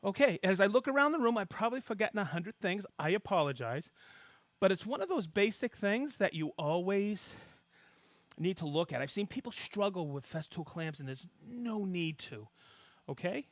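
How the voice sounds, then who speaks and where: A middle-aged man from Maine hosting a live-streamed tool demo, chatting and reading out where viewers are from with bursts of excitement. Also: high-pitched, normal speed, dry recording. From Maine, USA. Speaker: livestream host demonstrating tools.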